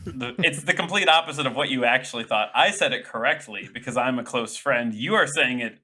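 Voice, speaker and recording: Man, podcast host, bright tone, upbeat, jokey, casual chat. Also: mid-range voice, brisk.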